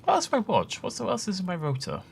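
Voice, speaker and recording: A young adult man hosts a let's play, chatting casually and wandering off on tangents with laughing asides as he plays. His high voice swings hugely in pitch, moves quickly, and has vocal fry, with a little hiss or hum in the recording.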